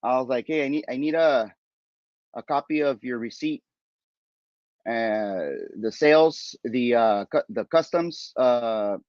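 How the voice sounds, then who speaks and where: A man hosting a podcast, retelling a story in a rambling, animated way with lots of fillers and restarts. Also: medium pitch, unhurried, dry recording, dull audio. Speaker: podcast host. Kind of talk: casual storytelling chat.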